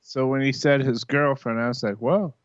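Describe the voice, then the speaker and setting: A man's voice: mid-range voice, flat delivery, a little fast, smooth, no room sound. A man from Michigan co-hosting a podcast in laid-back casual chat, laughing along and swearing. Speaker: podcast co-host. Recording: dull lo-fi sound.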